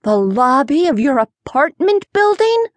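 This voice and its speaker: A woman's voice: slow pace, no echo. A woman voicing an eager, spunky nine-year-old girl detective in a children's audiobook. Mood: excited. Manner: excited and eager, high squealing lines.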